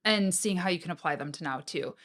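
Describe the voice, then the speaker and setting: A woman's voice: fairly low pitch, fast talker, fairly bright tone. Upbeat young woman co-host. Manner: supportive, frequent affirmations and laughs. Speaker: podcast co-host. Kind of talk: casual podcast chat.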